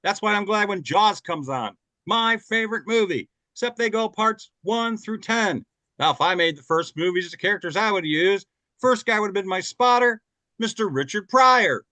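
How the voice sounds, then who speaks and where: A male stand-up comedian from Chicago, setting up a string of impressions with quick lines. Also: high-pitched, animated, sharp tone, no echo. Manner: quick setups between impressions.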